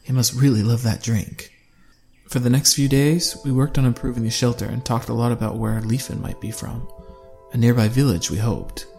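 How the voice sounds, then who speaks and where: A man narrating a first-person survival story in a steady, measured way. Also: medium pitch, vocal fry, soft background music.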